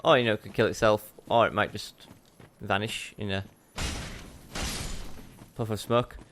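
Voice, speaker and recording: A man's voice: fairly low pitch, fairly even intonation, measured pace, noisy background. A man hosting a let's play, giving chatty, self-mocking commentary as he plays and talking back to the game. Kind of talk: gameplay commentary.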